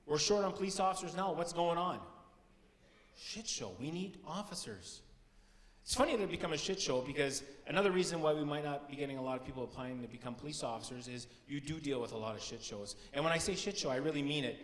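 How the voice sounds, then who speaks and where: A middle-aged man from Canada with a Canadian accent, doing animated stand-up storytelling on stage and jumping into high, shouted bits. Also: fast. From Timmins, Ontario, Canada. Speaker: stand-up comedian. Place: stage in a large hall. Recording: roomy hall with long reverb.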